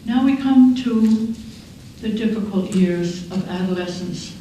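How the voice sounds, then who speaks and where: Older woman keynote speaker, measured and wry, warm low tone, faint room hiss behind her. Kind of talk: storytelling keynote speech. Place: large conference hall. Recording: echoey hall from far off.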